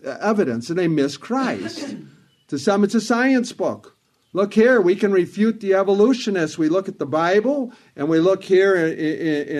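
A man's voice: on the high side, darkish tone. A man preaching a sermon in an earnest, emphatic way, repeating phrases for stress.

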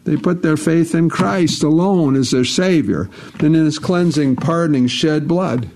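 A man's voice: a little high, a little slow, a little mellow. A man preaching a sermon, emphatic and repetitive, quoting scripture at length.

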